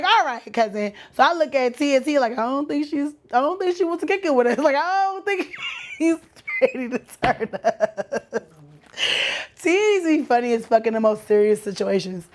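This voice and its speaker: High-voiced animated Texan woman. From Texas. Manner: animated, slangy, acts out quoted voices. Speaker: podcast host. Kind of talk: casual storytelling.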